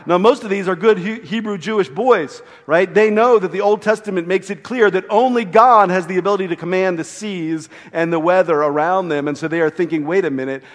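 A male pastor giving a sermon, telling a story with animated delivery and frequent rhetorical questions. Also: sits high. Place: church sanctuary. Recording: long hall reverb.

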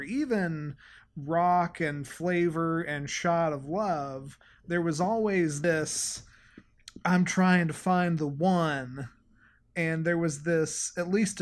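A man co-hosting a podcast in casual chat, sarcastic and often stammering and restarting his words. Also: on the high side. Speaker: podcast co-host.

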